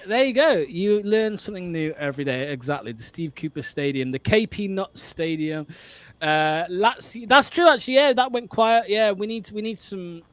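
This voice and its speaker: A man's voice: high-pitched, lively intonation, normal speed, a bit bright, no echo. Jokey Welshman with a dry close voice. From Wales. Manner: laid-back, jokey, chatty. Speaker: podcast co-host. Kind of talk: casual football chat.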